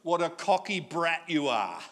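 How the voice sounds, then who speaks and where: A man's voice: fairly high pitch, sing-song, measured pace, fairly bright tone. A man doing a scornful, scolding older brother.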